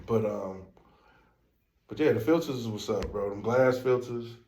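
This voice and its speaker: A man's voice: on the low side, a little slow, creaky, a little mellow, echoey room. A man with a St. Louis accent co-hosting a podcast, talking in a laid-back, slangy way full of fillers. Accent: St. Louis African American Vernacular English. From St. Louis, USA. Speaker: podcast co-host. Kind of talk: casual podcast chat.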